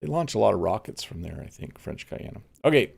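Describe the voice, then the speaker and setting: Middle-aged man from Canada, English teacher, chatty and easygoing with viewers, low gravelly voice. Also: a little fast. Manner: relaxed, chatty, answers viewer comments. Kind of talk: live-stream lesson while playing a game.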